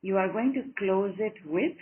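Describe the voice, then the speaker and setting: A woman coaching a group over an online call, encouraging and affectionate, repeating short phrases in a steady rhythm. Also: mid-range voice, normal speed. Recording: narrow phone-like call audio.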